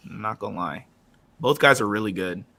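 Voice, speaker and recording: A man co-hosting a casual fight watch-along stream, excitable and shouting at big moments. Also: fairly low pitch, brisk, gravelly. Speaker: podcast co-host.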